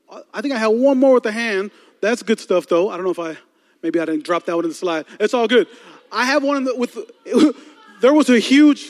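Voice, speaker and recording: High-pitched pastor preaching, cracking jokes to the crowd, big echoey hall. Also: male voice. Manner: storytelling with comic asides to the congregation. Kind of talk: sermon. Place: large church hall. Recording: long hall reverb.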